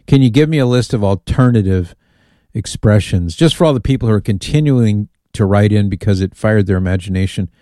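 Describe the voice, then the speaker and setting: A man hosts a call-in radio show, talking casually and reading listener messages with amused asides. His voice sits low and mellow. The studio sound is dry and close. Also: a little fast, dry recording. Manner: chatty, reads listener emails aloud with amused asides. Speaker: radio host.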